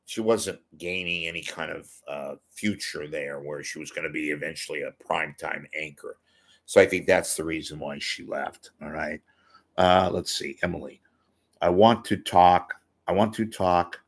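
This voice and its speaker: A man's voice: a bass voice, creaky. An older man hosting a livestream, chatting casually in a rambling, self-mocking way. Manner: rambling, self-deprecating joking. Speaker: livestream host. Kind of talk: casual chat.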